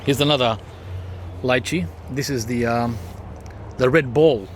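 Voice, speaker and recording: Strolling his backyard garden, this man points things out in a loose, rambling chat full of ums; he's a gardening vlogger. He speaks at medium pitch and an unhurried pace, and there's a slight hiss or hum.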